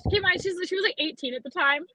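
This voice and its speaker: A young woman from Alberta chats on a podcast, spinning loose, swear-filled stories. Her voice sits high and bright, recorded close and dry with no room sound. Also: racing, no echo, low-quality recording. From Alberta, Canada. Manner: chatty, profane, animated storyteller. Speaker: podcast guest, western photographer. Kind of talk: casual chat, storytelling.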